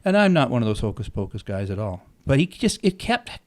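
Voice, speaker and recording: A middle-aged man tells stories on his podcast in a relaxed, casual way. His voice sits at an ordinary middle pitch, and he swears freely. He acts out the dialogue of the people in his stories with lively energy. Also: brisk. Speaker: musician telling stories on his own podcast. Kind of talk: casual storytelling.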